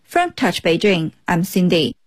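A woman news reporter reading a scripted report in an even, clear delivery. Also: lowish voice, measured pace, faint music behind.

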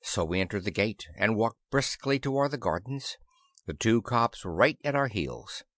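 A man reads a science fiction story in the first person, his pitch rising and falling with the action. The sound is dry and close, with no room around it. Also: moderate pace, no echo. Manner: lively first-person storytelling, voices characters. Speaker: audiobook narrator. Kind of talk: scripted narration.

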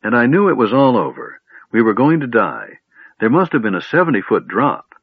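A man voicing an eager, chatty male kender who tells tales excitedly and stammers at times. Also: medium pitch, a little fast, husky, no echo. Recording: tinny phone-like line, dry.

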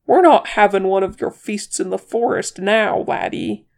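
A reader voicing a gruff, boastful male dwarf warrior who banters bluntly in an audiobook reading. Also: mid-range voice, moderate pace, close to an everyday voice. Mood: gruff teasing. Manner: blunt, bantering, calls others laddie.

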